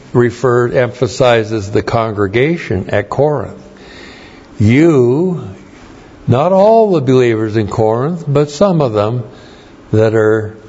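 A man teaches scripture from the pulpit at an unhurried, deliberate pace, spelling out Greek words letter by letter and repeating key phrases. His voice sits in an ordinary middle register. The sound is dull and lo-fi, like an old church recording. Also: medium pitch, warm tone. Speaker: pastor. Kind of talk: verse-by-verse Bible teaching.

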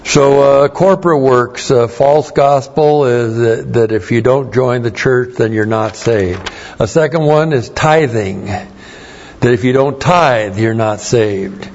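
A male pastor delivers a sermon in a plain-spoken, conversational manner. His voice is somewhat husky, and the recording sounds dull and lo-fi. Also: mid-range voice, slow pace, darkish tone. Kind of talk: sermon with anecdotes.

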